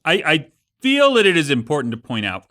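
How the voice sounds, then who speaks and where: A man's voice: fairly high pitch, huge pitch swings, fairly quick, sharp tone, no echo, clean studio sound. A middle-aged man co-hosting a podcast in casual chat, easygoing and given to thoughtful asides. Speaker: podcast co-host.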